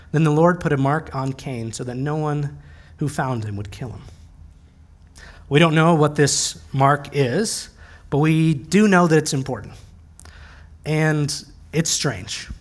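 A man's voice: a little high, measured pace, pauses often. A male pastor giving a sermon in a conversational, plain-spoken way with touches of light humor.

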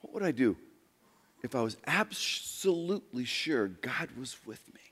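A man preaching a sermon as pastor, dramatic, swinging between loud emphasis and hushed near-whispers. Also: medium pitch, expressive, measured pace, slightly rough, in a large hall.

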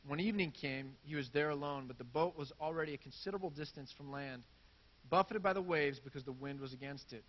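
A man preaching a sermon with a fairly high voice and easy, conversational delivery. He reads scripture aloud and animates the crowd's reactions in everyday speech. The recording sounds dull and lo-fi. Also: quick pace. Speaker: pastor.

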